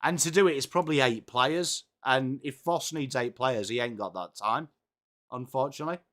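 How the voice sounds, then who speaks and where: Excitable streamer, bright voice. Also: male voice, mid-range voice, moderate pace. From England. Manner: chatty, excitable, greets viewers by name. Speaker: live-stream watchalong host. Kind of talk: live sports reaction and chat.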